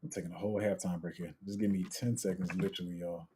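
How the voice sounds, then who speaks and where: Young guy doing a live q&a, slangy and chatty, kinda dark mellow tone. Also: sits low, fairly even intonation, fast, slight background noise. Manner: chatty, slangy, trails off and restarts while multitasking. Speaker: crypto livestream host. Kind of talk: casual live Q&A, reading chat.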